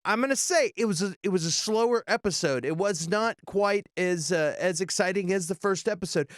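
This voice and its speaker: High-voiced man, rambling casual review. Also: fairly quick, no room sound, clean studio sound. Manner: rambling, loosely acts out quotes in small voices. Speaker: host of a TV review show. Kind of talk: casual spoken review with recap.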